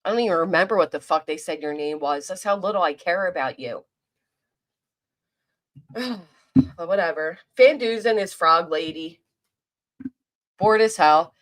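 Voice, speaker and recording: A woman's voice: lowish voice, a little slow, pauses often, fairly bright tone. A woman with a South Jersey accent near Philadelphia, giving blunt, profane live-stream commentary and answering her chat. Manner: reads and answers chat aloud.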